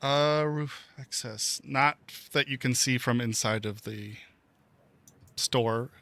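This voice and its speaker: A man running a tabletop game as game master, describing the scene slowly with many pauses and fillers. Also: mid-range voice, sharp tone.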